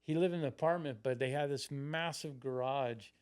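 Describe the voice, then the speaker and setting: At a normal speed and in a clear, resonant voice of medium male pitch, a Florida man in his sixties spins a long, rambling story on a podcast. He swears a lot and performs the things he used to say when younger.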